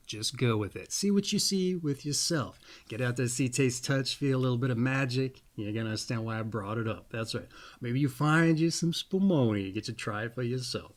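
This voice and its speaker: A man's voice: medium pitch, fairly quick, hardly any pauses. A man hosting a casual monologue, rambling in a folksy way and repeating pet phrases. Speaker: astrology video host.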